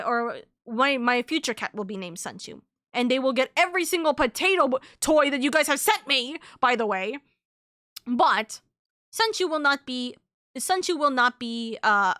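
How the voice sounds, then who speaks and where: A woman's voice: sits high, pushed and bright, no echo, clean studio sound. A young adult woman streaming a game, chatting casually in a bubbly, rambling way and correcting herself often. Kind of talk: casual live-stream chat.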